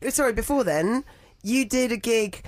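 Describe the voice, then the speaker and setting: Quick-prompting interviewer, dry sound. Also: medium pitch, dry recording. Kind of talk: casual interview questions.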